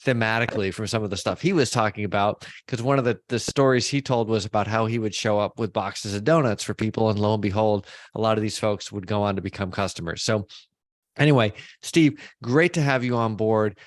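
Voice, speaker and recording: Male podcast host, low-pitched, relaxed and jokey, dry close recording. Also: brisk, no echo. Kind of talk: casual interview chat.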